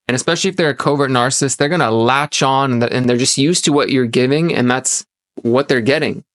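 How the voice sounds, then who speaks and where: A young man who hosts a self-help podcast shares a personal story and offers advice in an earnest, rambling way, restarting often and leaning on fillers. He grew up in America after an immigrant childhood. His voice sits in the mid range, and the recording is dry.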